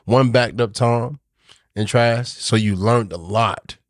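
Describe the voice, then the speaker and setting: A man's voice: mid-range voice, fairly even intonation, takes it slowly, no echo, studio quality. A man co-hosting a podcast in casual sports chat, rambling, restarting his sentences and often repeating himself. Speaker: podcast co-host.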